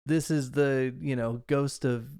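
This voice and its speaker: A man co-hosting a film podcast, talking in an animated, rambling way with lots of fillers. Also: medium pitch, unhurried, clear, resonant tone, no room sound, clean studio sound. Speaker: podcast co-host. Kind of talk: casual film discussion.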